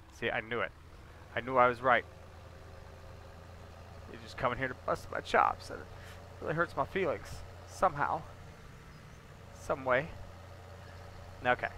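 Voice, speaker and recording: A man's voice: medium pitch, pushed and bright, slight background noise. A man chatting casually with his viewers while livestreaming a game, joking and talking to them by name. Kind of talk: casual gameplay livestream chat.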